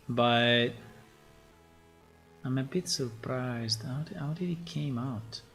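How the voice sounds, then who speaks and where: Man, game developer, slow deliberate talk, halting, muttering to himself, soft music behind. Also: medium pitch, breathy edge. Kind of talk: thinking aloud while reading code.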